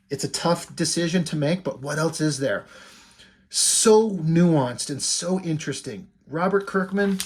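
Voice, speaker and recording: Chatty man recapping comics, higher pitch. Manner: chatty, retells scenes with "he's like" quotes. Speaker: comic book reviewer. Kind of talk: casual comic plot recap.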